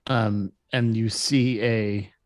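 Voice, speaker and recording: A man narrating as game master of a tabletop game, halting with many fillers. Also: fairly low pitch, steady tone.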